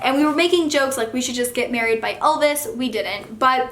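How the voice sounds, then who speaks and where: Chatty young woman, high voice. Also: brisk, roomy sound, slight background noise. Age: young adult. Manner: animated, profane, chatty. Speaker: vlogger, young mother. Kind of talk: casual storytime.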